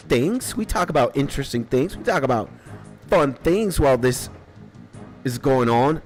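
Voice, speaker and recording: Male game streamer, unhurried drawl, rambling live chat, frequent laughs, casual swearing, soft retro game music underneath. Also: mid-range voice, lively intonation. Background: faint retro game music.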